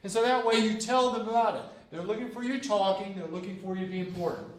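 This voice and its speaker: A man in his fifties, a JROTC instructor, lectures a class of cadets in a roomy-sounding space, his voice high-pitched and fast. He tells folksy anecdotes, repeats himself, and acts out bits of dialogue in his stories.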